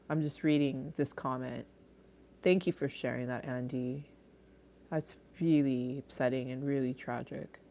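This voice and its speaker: With a low-pitched, slightly mellow voice, a middle-aged livestream host reads her viewers' comments aloud in a casual way, laughing often and drifting off mid-thought.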